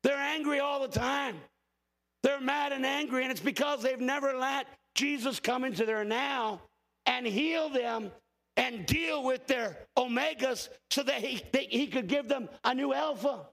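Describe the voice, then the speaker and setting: A man in his fifties, a pastor, preaching an impassioned sermon that often rises to shouting. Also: extremely high pitch, unhurried, gravelly. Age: 50s. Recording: hall reverb.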